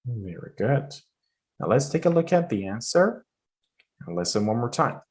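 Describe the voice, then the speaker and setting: Brief: man, pronunciation teacher, mid pitch, explains rising and falling tones, casual and filler-heavy. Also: big pitch swings, moderate pace, darkish tone. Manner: explains loosely, many fillers, demonstrates phrases. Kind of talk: explaining intonation to learners.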